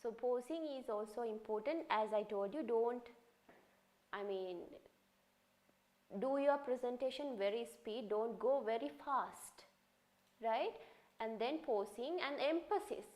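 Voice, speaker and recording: A woman lecturer explaining presentation skills to students, often checking in with a quick "right?" and restating phrases as she goes. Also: fairly high pitch, darkish tone. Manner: instructive, often ends points with a checking "right?". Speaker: university English lecturer.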